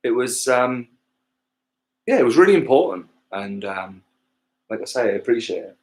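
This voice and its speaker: Male musician from England, livestream host, mid-pitched, loose and rambling, casual swearer, self-deprecating. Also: sing-song, moderate pace. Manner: rambling, loses his thread, swears casually, self-mocking. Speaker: musician hosting a livestream gig. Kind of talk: casual chat to livestream viewers.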